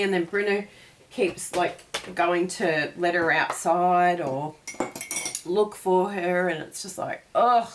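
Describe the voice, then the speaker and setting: A woman's voice: on the low side, slow, background noise. A woman hosting a cardmaking tutorial, chatting casually and digressing as she crafts.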